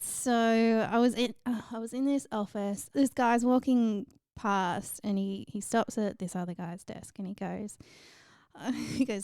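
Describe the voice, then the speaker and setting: A woman's voice: fairly high pitch, fairly even intonation, measured pace, darkish tone, clear, resonant tone, no room sound, clean studio sound. A woman co-hosting a podcast, telling office anecdotes with frequent laughs. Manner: giggly, storytelling. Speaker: podcast co-host. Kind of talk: casual chat.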